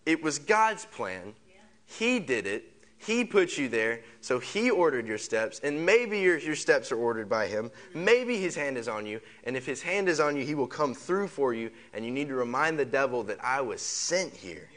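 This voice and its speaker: A man's voice: medium pitch, big pitch swings, moderate pace, a bit bright. A man preaching a sermon. He repeats phrases, piles up rhetorical questions and leads the congregation in saying lines back. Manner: leads the congregation in call-and-response. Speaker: pastor.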